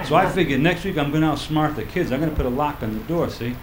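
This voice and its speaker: An older man performing a stand-up comedy set on a club stage, telling stories in a deadpan way and acting out the quotes. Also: a little high, fast, noisy background. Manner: deadpan storytelling with acted-out quotes. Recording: roomy live club recording.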